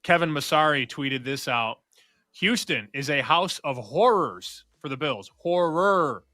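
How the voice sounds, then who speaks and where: Bright-voiced man co-hosting betting talk. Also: fairly high pitch, animated, measured pace, no room sound, clean studio sound. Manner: upbeat, joking. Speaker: sports betting co-host.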